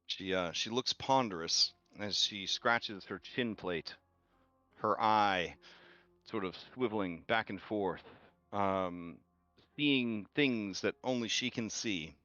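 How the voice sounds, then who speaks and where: A male game master narrates slowly and hesitantly, filling his sentences with "um" and "like". His voice is bright and clean. It is a dry, slightly muffled recording with faint music underneath. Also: fairly low pitch, dry recording. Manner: hesitant, heavy on "um" and "like".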